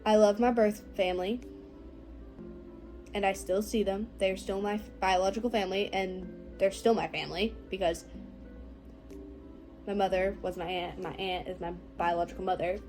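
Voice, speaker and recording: A teenage girl talking casually to the camera, slow and reflective, her phrases often trailing off softly. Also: medium pitch, steady tone, faint music behind, poor audio. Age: teens. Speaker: vlogger. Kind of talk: casual personal talk to camera.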